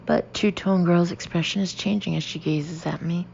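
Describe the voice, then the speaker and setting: A woman reading a first-person audiobook in a lively, expressive way. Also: lowish voice, moderate pace, vocal fry. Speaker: audiobook narrator. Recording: dull lo-fi audio, faint hiss.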